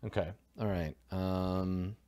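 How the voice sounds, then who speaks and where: A man's voice: low-pitched, steady tone, slow, dark tone. A man narrating as game master of a tabletop game, describing scenes loosely with lots of fillers and restarts.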